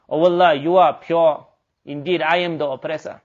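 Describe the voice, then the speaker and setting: A man's voice: on the high side, fairly even intonation, fairly quick, highs cut off. A man preaching a sermon, telling a story earnestly and mixing in Arabic and Urdu religious terms. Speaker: Islamic preacher.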